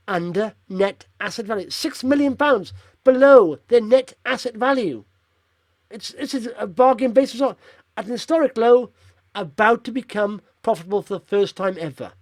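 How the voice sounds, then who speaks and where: Male investing vlogger, tired and rambling, slightly higher voice, dry close recording. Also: dry recording. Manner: chatty, rambling, blunt opinions. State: tired after a long drive. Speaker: stock-picking video host. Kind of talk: casual market commentary over charts.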